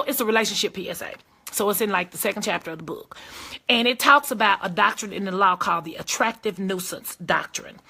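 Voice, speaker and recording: A woman hosts a casual live-stream advice talk, speaking straight to her viewers. Her voice is bright and ringing, and she drives her points home with emphatic, preachy conviction. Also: medium pitch. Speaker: host of a live advice video, lawyer and judge.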